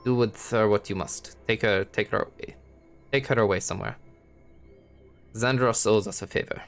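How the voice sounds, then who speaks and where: A man's voice: on the low side, fairly even intonation, normal speed, creaky, faint music behind. A man voicing a curt male human official in a put-on Russian accent, giving blunt, dismissive orders. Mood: cold, dismissive.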